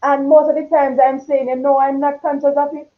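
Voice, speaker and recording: A woman hosting a talk show in casual chat, with a strong, forceful tone that gets loud when she is passionate, heard over a video call. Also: high-pitched, little pitch movement, brisk. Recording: tinny phone-like line.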